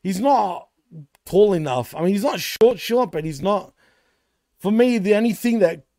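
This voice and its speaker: A man's voice: high-pitched, expressive, normal speed, darkish tone, dry recording, clean studio sound. A man co-hosting a podcast, chatting casually and jokingly, often calling his partner man or bro. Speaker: podcast co-host. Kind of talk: casual chat.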